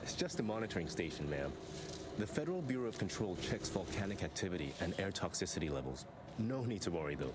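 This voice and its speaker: An evasive government agent. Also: male voice, sits low, very animated, fast. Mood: guarded. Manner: formal and tight-lipped. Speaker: government technician. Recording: game audio with loud ambient noise.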